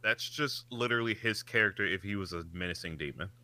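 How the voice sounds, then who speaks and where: A man co-hosting a casual podcast chat, animated and swearing freely, his voice jumping up when he gets excited. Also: on the low side, fast talker. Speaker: podcast co-host.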